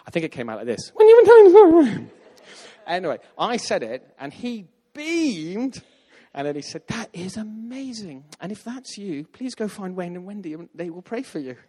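A man's voice: high-pitched, moderate pace, breathy edge. Man preaching in a reverberant hall. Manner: animated, acts out quoted voices. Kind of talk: storytelling sermon.

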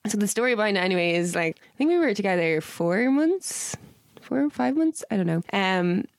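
A woman's voice: medium pitch, lively intonation, fairly quick, no echo, clean studio sound. A woman co-hosting a podcast, telling a long personal story in a chatty way and quoting herself and others. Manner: chatty anecdote-teller who quotes herself and others. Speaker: podcast co-host. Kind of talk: casual chat.

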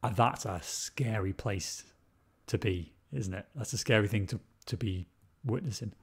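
A man's voice: on the low side, measured pace, slightly rough. A man co-hosting a podcast, talking casually about a film, repeating words and swearing freely. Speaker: podcast co-host.

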